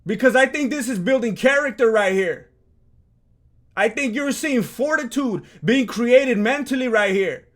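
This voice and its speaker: Reaction host, male, very high voice, slangy and rhetorical, mutters asides and then gets loud. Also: a little slow. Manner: slangy and rhetorical, calls people "fool"; swings from low mumbling asides to loud outbursts. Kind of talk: reaction commentary on footage.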